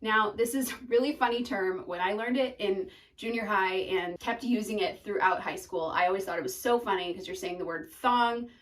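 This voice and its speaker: A woman's voice: medium pitch, moderate pace, few pauses, fairly bright tone, far from the mic, rough recording. A young woman teaching singing terms in a chatty, upbeat way, breaking into short sung notes as examples.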